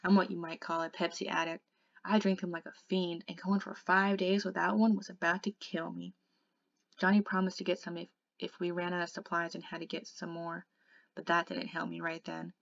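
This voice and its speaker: Low, gravelly woman reading a novel. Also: level tone, fairly quick, no echo, dull audio. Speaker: tutor reading a novel aloud. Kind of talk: audiobook reading, first-person narration.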